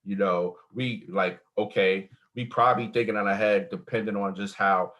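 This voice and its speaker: A man's voice: fairly low pitch, fairly even intonation, moderate pace, fairly bright tone. A man joining a casual panel discussion, talking loosely with many fillers.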